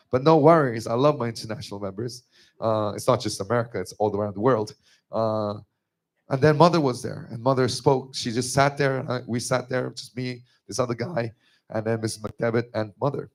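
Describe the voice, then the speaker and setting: Giving his testimony in church, an emotional man preaches a personal sermon, his pitch rising high and strained whenever he is moved.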